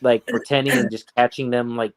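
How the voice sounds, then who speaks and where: A man co-hosting a casual podcast chat, rambling and swearing as he tells stories in an animated way. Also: medium pitch, a little fast. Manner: profane, rambling, animated storytelling. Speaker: podcast co-host.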